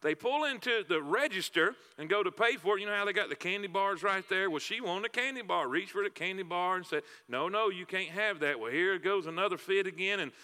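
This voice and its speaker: A man's voice: high voice, expressive, a little fast, hardly any pauses, bright, forceful tone. A man preaching a sermon, telling folksy stories with repeated words and fillers. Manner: folksy storytelling with repetitions and fillers. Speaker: pastor. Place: church sanctuary. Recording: long hall reverb.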